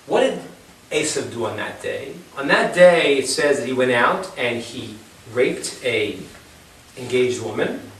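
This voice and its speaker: A man's voice: mid-range voice, lively intonation, measured pace, a bit bright. A man teaching an informal Bible class, retelling the story in a chatty way and asking rhetorical questions. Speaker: Torah teacher. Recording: very echoey room, far from the mic, faint hiss.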